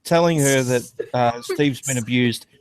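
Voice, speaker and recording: A man's voice: medium pitch, unhurried, clean tone. A man on a livestreamed talk panel, speaking casually with many ums and uhs. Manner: hesitant, many fillers. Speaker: podcast panelist. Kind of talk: casual debate chat.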